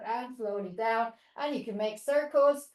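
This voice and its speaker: A woman's voice: fairly high pitch, measured pace, darkish tone, roomy sound, low-quality recording. A woman teaching yoga teachers, cueing poses with encouragement and playful animal sounds for children. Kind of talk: instructional yoga demonstration.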